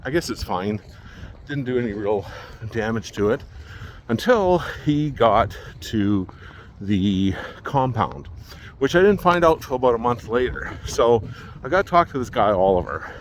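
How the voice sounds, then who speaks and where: A man with a somewhat low voice tells a story in a loose, rambling way. He sounds exasperated and keeps stopping to act out what other people told him. There is faint background noise behind him. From Manitoba, Canada. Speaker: vlogger. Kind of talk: casual storytelling.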